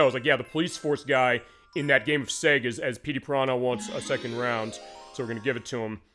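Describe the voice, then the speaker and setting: A man's voice: medium pitch, a bit bright. A man hosting a game stream, chatting casually and rambling with many fillers while he plays. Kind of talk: casual let's-play commentary.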